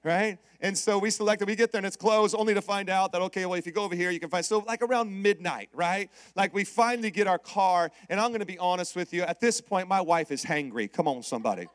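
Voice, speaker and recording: High-voiced male preacher, dry close sound. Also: quick pace, hardly any pauses, dry recording. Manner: animated storytelling with call-outs to the congregation. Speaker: pastor. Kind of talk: sermon.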